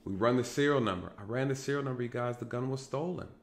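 A man's voice: medium pitch, fast. A man recounting police work in casual storytelling straight to viewers, repeating phrases for emphasis.

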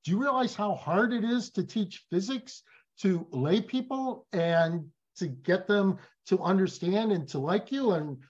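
A man speaking as a guest in a casual interview, telling emphatic, animated stories. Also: high voice, unhurried, breathy edge, lo-fi sound. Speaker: guest, business professor.

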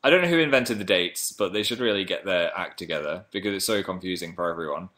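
A man's voice: deep voice, fast, bright, forceful tone. A man hosting a casual livestream, chatting playfully and reading viewer comments aloud. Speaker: livestream host.

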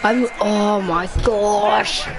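A man giving excited commentary while playing a video game, trash-talking the players on screen. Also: high-pitched, very slow, noisy background.

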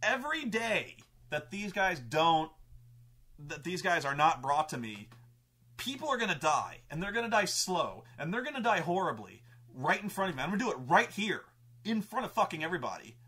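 A man voicing a cruel immortal warlord who makes slow, deliberate threats. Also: high-pitched, big pitch swings, pushed and bright, breathy edge, pitched above the performer's own voice, full character voice. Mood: menacing.

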